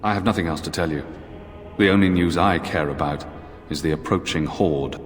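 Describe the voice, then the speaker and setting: A man voicing a deep, grave knight in a fantasy game. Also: close to an everyday voice. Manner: formal, measured delivery. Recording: game audio with long reverb and faint music.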